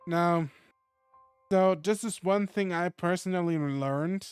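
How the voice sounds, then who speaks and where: A man's voice: sits high, takes it slowly, clear, resonant tone, faint music behind. A man streaming himself reading a visual novel aloud, chatting casually and reflectively between passages and swearing freely.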